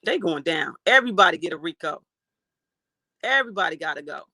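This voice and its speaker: Gravelly, outraged livestream host. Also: medium pitch, brisk, dry recording. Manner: animated, outraged, swears freely. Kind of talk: livestream reaction commentary, reading chat.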